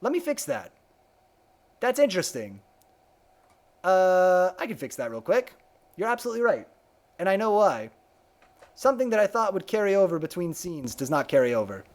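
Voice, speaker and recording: A man's voice: high-pitched, big pitch swings, normal speed, long pauses. A man streaming a video game live, chatting casually, reading game text aloud and humming to himself, his voice a little worn.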